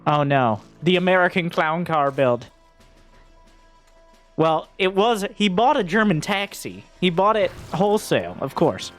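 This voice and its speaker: Guy with a high voice calling a strategy game, goofy jokes, gets hyped, bit of music in the back. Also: measured pace. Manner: jokey, gets loud and excited at big plays. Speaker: esports caster. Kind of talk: game commentary.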